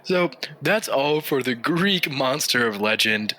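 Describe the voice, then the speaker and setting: Bright-voiced young man joking around. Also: medium pitch, expressive. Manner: joking, teasing, quick asides. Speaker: podcast co-host. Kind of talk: casual comedic chat.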